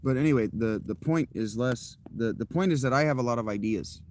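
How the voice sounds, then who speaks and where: A man's voice: mid-range voice, a little fast, darkish tone, slight background noise. A man streamer chatting casually to his audience, candid and rambling, often poking fun at himself. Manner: candid, rambling and self-deprecating. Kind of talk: casual chat to a live audience.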